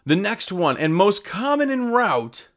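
Lively-voiced man giving sales tips. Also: high voice, measured pace. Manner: conversational, acts out customer exchanges. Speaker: window cleaning business owner. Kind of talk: casual sales advice talk to camera.

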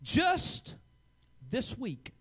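A man in his forties preaching a fervent sermon as pastor, swinging from hushed asides to loud, urgent calls. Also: very high voice, wildly swooping pitch, drawn-out words, husky. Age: 40s.

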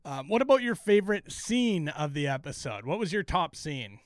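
A man's voice: a little high, big pitch swings, moderate pace, no echo, clean studio sound. A man co-hosting a casual TV recap podcast, enthusiastic and profane, with many ums and uhs. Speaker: podcast co-host.

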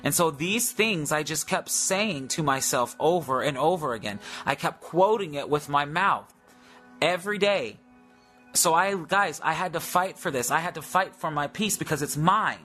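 A man's voice: a little high, animated, normal speed, bright, forceful tone, faint music behind. A man preaching in a live-stream devotional, repeating declarations for listeners to say after him.

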